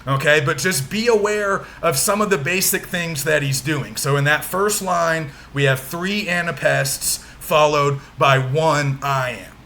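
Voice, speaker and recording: A man's voice: fairly high pitch, unhurried, hardly any pauses, pushed and bright, slight background noise. A man teaching a literature lecture, patiently walking students through poetic meter and often checking in with them. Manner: patient, frequent check-ins, exaggerates stressed syllables when demonstrating. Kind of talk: recorded lecture walkthrough.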